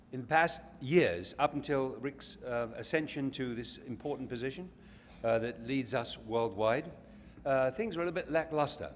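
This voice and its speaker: English guy rambling through a story at a company event, trips over his words a bit, echoey hall, faint hiss. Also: medium pitch. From England. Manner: rambling, with stumbles and restarts. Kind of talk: storytelling speech to an audience.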